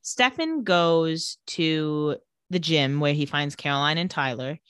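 A woman co-hosting a podcast, recapping a TV episode in casual chat and quoting the characters with animated voices. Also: low-pitched, slow, smooth, dry recording, studio quality.

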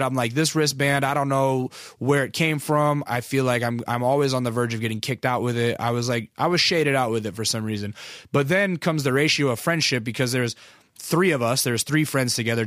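A man's voice: mid-range voice, a bit bright, no echo, studio quality. A man telling a long story in casual, rambling speech, full of profanity and self-deprecating asides.

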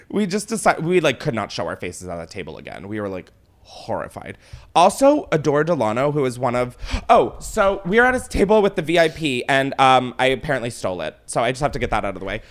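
A man hosting a casual chat, telling a story with lots of swearing and laughter. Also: mid-range voice. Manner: animated storyteller, swears freely, laughs often. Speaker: podcast host.

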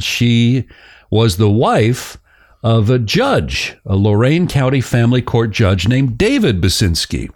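Brief: male podcast host, lively up-and-down delivery, joking, loose and chatty. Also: mid-range voice. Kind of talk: casual storytelling podcast.

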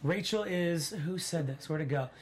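Animated woman hosting a chat. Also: fairly low pitch, moderate pace, breathy edge. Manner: animated, acts out quotes from the show. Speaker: podcast host. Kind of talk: casual recap chat reading live comments.

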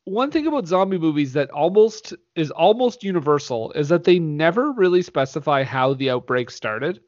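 Slightly high-voiced podcast host, lo-fi. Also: male voice, expressive, moderate pace, darkish tone, no echo. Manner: conversational, leads questions, many fillers and restarts. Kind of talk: casual movie podcast chat. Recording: dull, lo-fi podcast audio.

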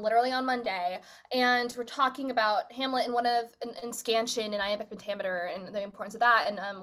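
A woman's voice: fairly high pitch, fairly bright tone. A young woman in her twenties co-hosting a podcast, talking enthusiastically and rambling with lots of fillers. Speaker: podcast co-host. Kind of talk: casual chat.

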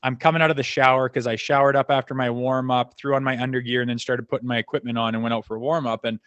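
A man in casual podcast chat, speaking at a middle pitch through a close studio mic. He tells blunt, profane anecdotes and acts out the other people in them. The sound is dry, with no room echo. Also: quick pace, muffled recording. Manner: profane, animated anecdotes acting out quoted dialogue. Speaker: podcast guest, former hockey enforcer.

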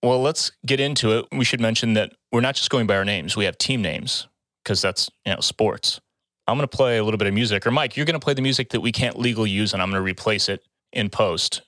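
Man, podcast host, relaxed explainer, lowish voice, dry sound. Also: quick pace, no echo. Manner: laid-back, explains rules, laughs often. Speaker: podcast host and draft moderator. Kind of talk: casual chat.

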